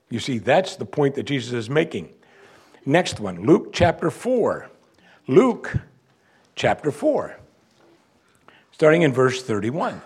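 A man's voice: mid-range voice, very animated, unhurried, pauses often, darkish tone, slightly rough. A man, a pastor, preaching an expository sermon in a conversational way and acting out quotes from the text.

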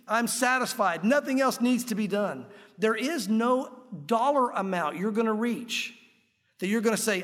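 Man, high voice, pastor preaching, emphatic conversational sermon, church hall with long reverb. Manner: emphatic, conversational preaching with sudden loud peaks. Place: church sanctuary.

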